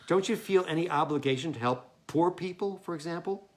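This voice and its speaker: A man's voice: a little high, fairly quick, pitched above the performer's own voice, close to an everyday voice. A man reading the part of an earnest, jealous young man in a staged play reading, scolding and then apologizing. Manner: scolding and self-reproaching, loud in spurts. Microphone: home mic.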